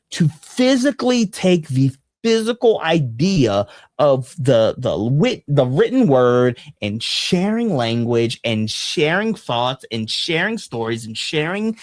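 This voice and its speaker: Podcast co-host, passionate profane rant, slightly hoarse, very animated pitch, dry close sound. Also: no room sound. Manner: impassioned, profane ranting. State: losing voice. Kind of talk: casual podcast discussion.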